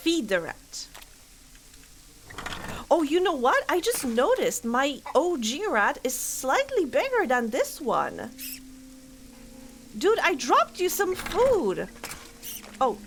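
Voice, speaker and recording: A woman streams a game, chatting casually and thinking aloud with frequent giggles in a relaxed gameplay commentary. Her voice is high-pitched with huge swings in pitch, and she talks slowly with long pauses. Game music plays clearly underneath, along with a slight hiss or hum.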